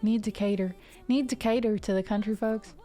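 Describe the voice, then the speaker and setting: A woman's voice: mid-range voice, fairly even intonation, a little fast, mellow. A woman from the Ohio River Valley hosting a music livestream, chatting casually and rambling with restarts and fillers. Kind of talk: casual chat with stream viewers.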